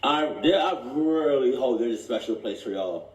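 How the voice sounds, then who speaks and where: A man's voice: mid-range voice, lively intonation. A man co-hosting a reaction video in casual chat, rambling and restarting his sentences. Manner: rambling, halting, restarts often. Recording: echoey room.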